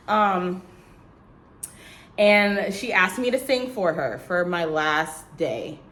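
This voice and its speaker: A young woman vlogging to the camera in casual chat, telling a lively story and acting out what others said in a higher voice, checking in with "okay?" as she goes. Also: extremely slow, long pauses. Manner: animated storytelling, acts out quotes in a high voice; talks straight to viewers, tags lines with "okay?" and "girl".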